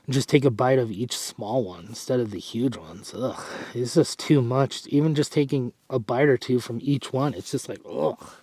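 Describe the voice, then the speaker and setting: Casting: young male vlogger, winded, rambling, dry close sound, mid pitch. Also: normal speed, mellow, no echo. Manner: rambling, self-correcting, sighs and clears throat. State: out of breath. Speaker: fitness vlogger. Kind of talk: casual vlog talk.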